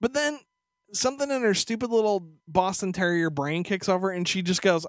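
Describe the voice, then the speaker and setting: A man co-hosting a podcast, telling stories in casual chat, animated and profane, slipping into voiced asides. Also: high voice, fairly quick, dry recording, clean studio sound. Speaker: podcast co-host.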